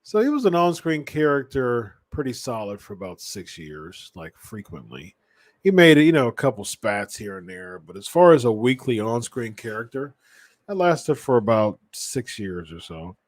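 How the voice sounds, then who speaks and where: A man's voice: mid-range voice, sing-song, normal speed, no room sound. Rambling male podcast host, dry sound. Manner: rambling, with frequent restarts and self-corrections. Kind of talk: casual wrestling commentary.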